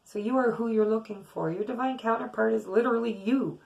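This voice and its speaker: A woman's voice: on the high side, a little fast, vocal fry, darkish tone, lo-fi sound. A middle-aged woman giving a casual, earnest tarot reading to her viewers, often repeating words for emphasis. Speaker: tarot reader.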